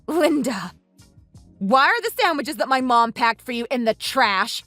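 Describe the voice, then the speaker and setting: A woman's voice: sits high, expressive, unhurried, pushed and bright, no echo, soft background music, heavily acted. A woman playing an exasperated young wife. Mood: indignant. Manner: earnest, exasperated scolding. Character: indignant young wife defending her family. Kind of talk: voiced texting story.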